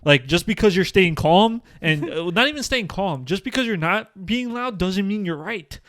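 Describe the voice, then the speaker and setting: A man's voice: high-pitched, expressive, normal speed, a bit bright. A man co-hosting a podcast in casual chat, ranting bluntly and with lots of profanity. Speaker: podcast co-host.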